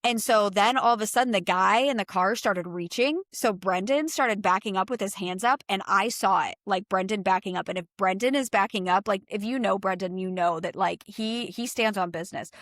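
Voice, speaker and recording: A young adult woman co-hosting a real estate podcast, telling a story in a lively, profane, chatty way. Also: medium pitch, fairly quick, few pauses, no room sound, clean studio sound.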